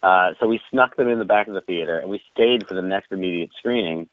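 A man telling an animated, profane anecdote in casual conversation, laughing often. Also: deep voice, quick pace, dry recording. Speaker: guest. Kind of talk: casual storytelling. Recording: tinny phone-like line.

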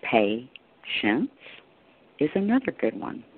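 A man speaks slowly and calmly, leaving long pauses between short phrases as he teaches meditation. His voice comes through a thin, phone-like line. A faint hiss sits under it. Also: medium pitch. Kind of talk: slow guided meditation talk.

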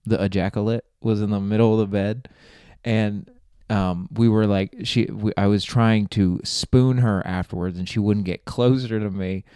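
A man's voice: fairly low pitch, steady tone, normal speed, mellow, clean tone, no room sound, clean studio sound. A young man hosting a podcast, rambling through a comic story and laughing at his own jokes. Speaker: podcast host. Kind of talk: casual comedic monologue.

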